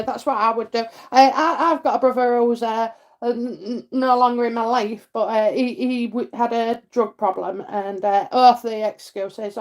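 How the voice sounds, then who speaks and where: A middle-aged woman with a Yorkshire accent, hosting a live psychic stream and chatting warmly with viewers between comments, full of fillers and endearments. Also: a little high. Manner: chatty, many fillers, laughs, calls people darling and lovely. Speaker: psychic reading host.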